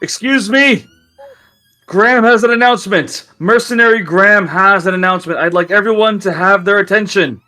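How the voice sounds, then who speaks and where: Guy doing a mage in a blue coat yelling announcements, high and loud. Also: normal speed, soft background music. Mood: proclaiming. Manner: proclaiming, insistent. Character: loud male mage herald.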